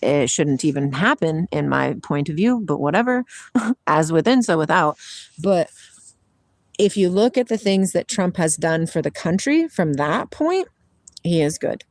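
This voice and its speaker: A woman's voice: sits low, expressive, a little slow, no echo, studio quality. A middle-aged woman hosting a casual livestream, chatting, laughing often and reading spiritual passages aloud, outdoors near water. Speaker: livestream host.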